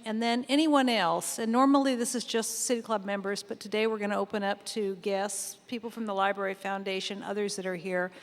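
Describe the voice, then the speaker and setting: Practical woman forum host, live echoey hall. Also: mid-range voice. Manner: brisk, practical announcements. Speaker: event moderator. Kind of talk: public forum moderating.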